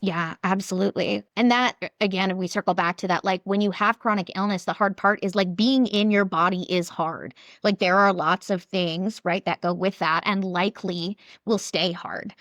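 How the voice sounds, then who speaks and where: A woman's voice: mid-range voice, fairly even intonation, moderate pace, few pauses, a bit bright, no echo, dull audio. Chatty woman coach, dry close sound. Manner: chatty, many "like" and "right" fillers. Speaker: guest coach. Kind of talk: casual interview talk.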